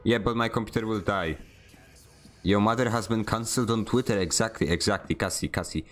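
Guy with a lowish voice streaming a game, rambly and jokey, stammers a lot. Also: fairly quick, a bit bright, soft background music. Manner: joking, self-mocking. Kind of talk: casual chat while gaming.

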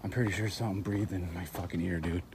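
A man filming himself on a wooded trail at night, nervous and swearing in hushed tones, out of breath, recorded on his camera rig mic. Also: deep voice, fairly even intonation, fast, noisy background. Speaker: vlogger. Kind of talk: night walk vlog. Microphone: camera rig mic, handheld.

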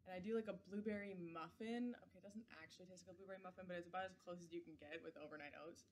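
A woman's voice: on the low side, racing, slight background noise. A young woman from Wisconsin with a Midwestern American accent, a fitness trainer chatting casually in an interview video. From Wisconsin, USA. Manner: chatty, relaxed, fond of "like". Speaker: assistant program manager and personal trainer at a fitness center.

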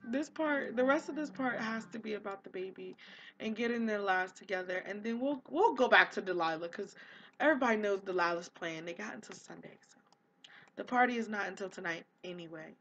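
A woman hosting a casual gameplay commentary, excitable and gushing, slipping into quoted voices for the characters. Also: medium pitch, fairly quick, dull audio, slight background noise. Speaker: let's play host.

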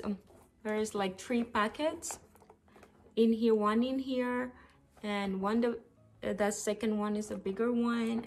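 A woman from the Philippines filming a casual unboxing vlog, gushing with excited exclamations. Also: on the high side. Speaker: vlogger.

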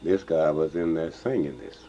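An older man with a Texas Southern accent, telling a folk story in a slow, drawling, chuckling way. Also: a bass voice, dark tone, slight background noise. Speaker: blues songster and storyteller. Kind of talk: folksy spoken storytelling. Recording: dull lo-fi field recording with guitar.

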